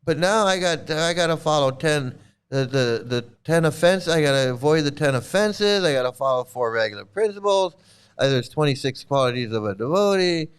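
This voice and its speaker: A man's voice: a little high, expressive, moderate pace, smooth. A man hosting a casual monologue, talking emphatically and sarcastically and repeating his points. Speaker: host.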